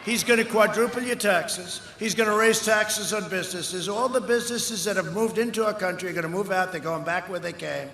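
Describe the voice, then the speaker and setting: An older man giving a campaign rally speech outdoors, boastful and rambling, with punchy repetitions, heard through a loudspeaker. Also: high-pitched, brisk, hardly any pauses. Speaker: political candidate. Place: outdoor rally before a large crowd. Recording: echoey outdoor PA with crowd noise.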